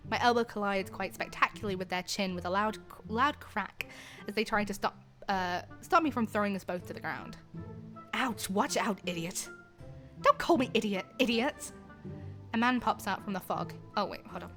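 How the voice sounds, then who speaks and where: A woman's voice: mid-range voice, brisk, pushed and bright. A young woman streamer reading a romance game aloud, gushing and exclaiming between the narration. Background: faint game music.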